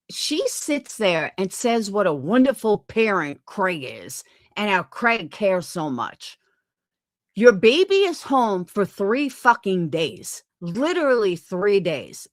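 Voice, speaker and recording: A woman streamer ranting with swinging, lively pitch that jumps high when she's outraged. She talks at an unhurried, deliberate pace, heavy with profanity and rhetorical questions. The sound is dry and close to the mic. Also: no echo. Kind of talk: ranting live-stream commentary.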